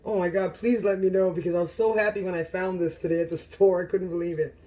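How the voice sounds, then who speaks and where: A woman hosting a casual home cooking vlog, gushing and excitable, often exclaiming over the food. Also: lowish voice, fast. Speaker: cooking channel host.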